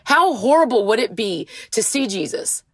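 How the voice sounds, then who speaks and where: A woman's voice: a little high, very animated, normal speed, husky, no echo. A woman giving an earnest, emotional devotional talk, reading scripture and urging her listeners on. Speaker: faith speaker.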